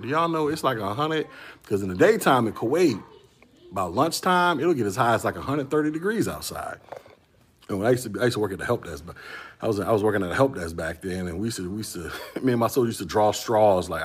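Host type: husky, low-voiced Florida guy, slangy and rambling, chatting live with viewers. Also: lively intonation, quick pace. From Central Florida. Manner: rambling storyteller, slangy, addresses chat as y'all. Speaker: tech podcast host. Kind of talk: casual livestream chat.

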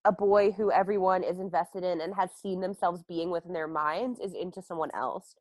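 A woman's voice: on the low side, fairly even intonation, normal speed, a little mellow, no echo. A woman in casual podcast chat, playful and wry, recorded on a dry close microphone. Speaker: podcast co-host. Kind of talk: casual chat about a movie.

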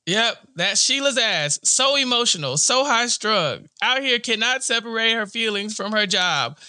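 Animated, high-voiced man recapping TV. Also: a little slow, dry recording, clean studio sound. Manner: animated, joking, acts out characters in quotes. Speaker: podcast co-host. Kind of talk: casual TV recap chat.

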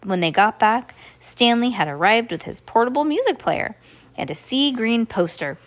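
A woman's voice: a little high, expressive, moderate pace. A woman reading a children's book aloud, with occasional slips and restarts. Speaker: reader.

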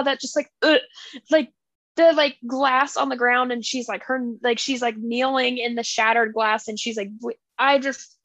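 A young woman co-hosting a casual book podcast, retelling scenes in an animated, gushing way with lots of fillers. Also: a little high, no echo. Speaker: podcast co-host.

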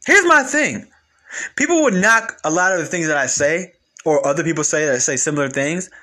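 Bright-voiced blunt man, animated monologue. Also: fairly high pitch, a little fast. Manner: blunt and animated, full of slang and repetition. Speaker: commentator. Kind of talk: casual monologue on relationships.

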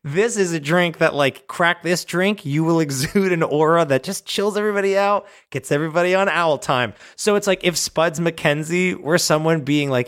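A man co-hosting a comedy podcast, chatting casually and riffing on a silly idea, laughing often and breaking into high whoops. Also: normal speed, few pauses, fairly bright tone. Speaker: podcast co-host.

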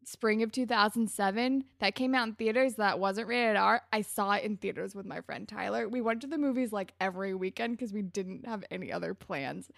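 A young woman co-hosting a podcast recaps a show in a chatty way, telling self-mocking stories. Her mid-range voice is gravelly and a little fast, with few pauses. The studio-quality recording has no echo.

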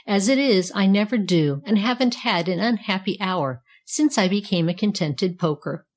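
A woman voicing a cheerful, self-satisfied talking fire poker in a read-aloud storybook, speaking calmly. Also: medium pitch, moderate pace, close to an everyday voice. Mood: contented.

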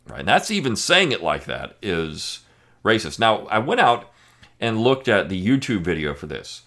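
A man's voice: fairly low pitch, sing-song, moderate pace, sharp tone. A man hosting a podcast, giving an emphatic, sarcastic opinion monologue with frequent fillers. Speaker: podcast host.

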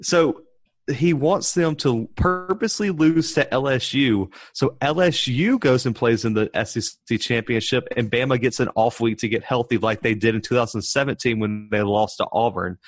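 A man's voice: mid-range voice, normal speed, no echo. Worked-up young guy ranting. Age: young adult. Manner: animated, worked-up rants. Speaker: podcast co-host. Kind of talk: casual sports chat. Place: home setup, rolling desk chair. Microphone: desk microphone.

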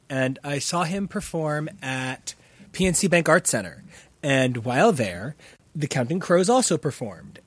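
A man co-hosting a podcast, telling a story in an animated, excitable casual chat. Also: a little high, no echo. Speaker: podcast co-host.

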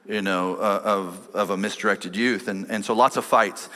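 A man preaching a sermon as pastor, telling a personal story and swinging between loud emphatic lines and quiet, low ones. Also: fairly even intonation, moderate pace. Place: large church hall. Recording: long church-hall reverb.

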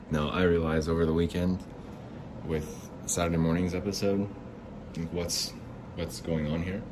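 A man talking in a halting, reflective, rambling way as the host of his own show. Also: sits low, flat delivery, background noise. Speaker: podcast host. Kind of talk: casual monologue.

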